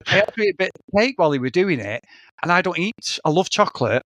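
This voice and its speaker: A man's voice: sits high, expressive, quick pace, fairly bright tone, no echo, lo-fi sound. A man, telling a story as a podcast co-host in casual, sweary chat. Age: 40s.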